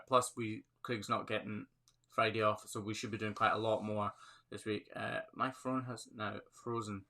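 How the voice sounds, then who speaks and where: A man's voice: fairly low pitch, pushed and bright. A man with a Scottish accent hosting a casual live Q&A on his phone, chatty and upbeat, laughing often as he reads viewer comments. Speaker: livestream host, hoof trimmer.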